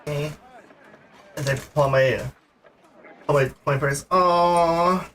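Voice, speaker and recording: Higher-voiced man, playful tabletop player, rambling in character, noisy room. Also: fairly even intonation, takes it slowly, fairly bright tone. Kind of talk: playing a character in a tabletop game.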